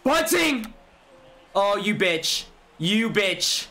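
A young man commentating his own baseball video game, excitable, swearing and yelling at the players. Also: high voice, very slow. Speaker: gaming YouTuber. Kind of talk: live gameplay commentary.

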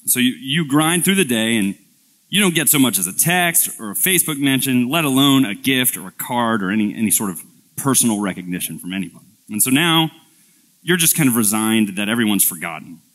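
A man's voice: medium pitch, expressive, brisk, a bit bright. A male pastor preaching a sermon in a church, telling a playful story in a conversational way, often restarting and repeating words. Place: church sanctuary.

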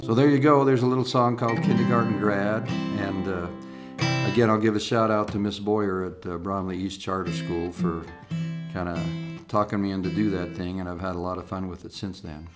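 A man's voice: deep voice, fairly even intonation, a little fast, loud music behind the voice. An older man, a singer-songwriter, talking casually to online viewers in a folksy, rambling way, with lots of "uh" and restarts.

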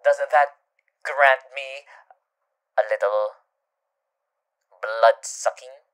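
A man voicing a teasing male vampire demon husband in a whispered role-play, flipping between soft whispers and loud playful exclaims. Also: medium pitch, extremely slow, smooth. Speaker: voice actor.

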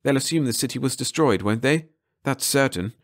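A man's voice: medium pitch, expressive, fairly quick, pitched above the performer's own voice, natural voice. A man voicing an uneasy young companion in a storybook reading, speaking plainly and asking questions.

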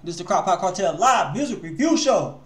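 A man's voice: high-pitched, animated, fairly quick. A man hosting a live music review stream, talking loosely in slang and swearing freely. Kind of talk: casual livestream chat. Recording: echoey room.

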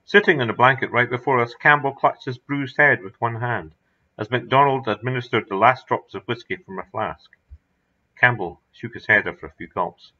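A man reading his own horror story aloud in a measured, dramatic narration. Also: mid-range voice, bright, forceful tone. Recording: dull lo-fi recording.

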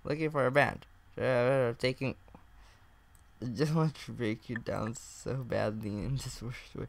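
A man's voice: medium pitch, steady tone, measured pace, gravelly, no room sound. A young man casually commenting while playing a chat game, reading messages aloud, swearing and laughing often. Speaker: gaming YouTuber. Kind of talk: casual let's-play commentary.

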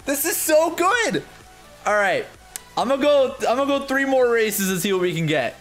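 A man giving live gameplay commentary, excitable and self-mocking, going from muttering to shouting. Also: very high voice, normal speed, faint music behind. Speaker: gaming video creator.

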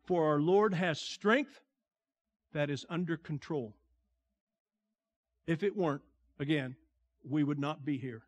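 A man preaching a sermon as a pastor, delivering slow, deliberate lines that fall to a hushed tone and swell on key words. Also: high voice, animated.

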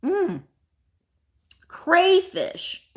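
A woman's voice: extremely high pitch, big pitch swings, drawn-out words, a little mellow. A woman hosting a live online sale, chatting playfully with viewers by name and laughing often. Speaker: live-sale host selling vintage items. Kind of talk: casual live-stream auction chat.

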